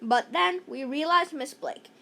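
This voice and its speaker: A woman's voice: high voice, a little slow, gravelly, sharp tone. A woman reading a children's chapter book aloud in a playful way, with jokey asides. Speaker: narrator.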